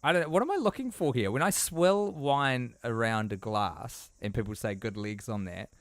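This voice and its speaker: A playful man co-hosts a podcast and questions his partner with mock seriousness. His voice sits at a middle pitch, dry and close to the mic. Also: animated, normal speed, dry recording. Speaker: podcast co-host. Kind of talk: casual podcast banter.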